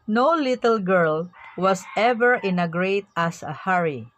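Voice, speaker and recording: A woman narrating a storybook tale in a gentle, unhurried manner. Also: mid-range voice, expressive, poor audio.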